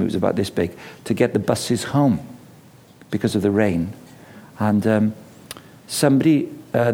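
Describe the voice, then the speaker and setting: Middle-aged male preacher, animated storyteller, repeats lines for emphasis, mid pitch. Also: creaky. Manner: storytelling, acts out quoted voices, emphatic repetition. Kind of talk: sermon.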